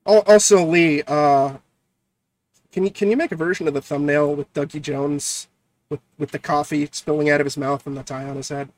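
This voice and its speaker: A man co-hosting a casual podcast chat, excitable and profane, often stumbling and repeating words. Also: a little high, normal speed. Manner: excitable, swears a lot, stumbles over words. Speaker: podcast co-host.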